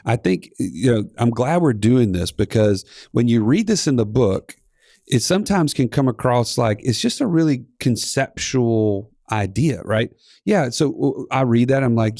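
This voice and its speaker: A man in his thirties co-hosting a casual finance podcast, talking in an animated way with playful sarcasm. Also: medium pitch, normal speed, gravelly, no echo, clean studio sound. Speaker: podcast co-host.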